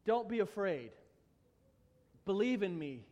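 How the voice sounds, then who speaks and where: A man voicing Jesus as calm and reassuring, speaking softly and steadily. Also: high voice, dull audio, heavily acted. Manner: soft, slow, steady. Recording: long hall reverb.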